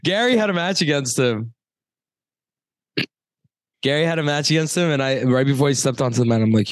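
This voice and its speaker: A man's voice: mid-range voice, expressive, a little fast, pauses often, dry recording, studio quality. A man co-hosting a podcast, telling stories in casual chat, swearing and laughing often. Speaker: podcast co-host.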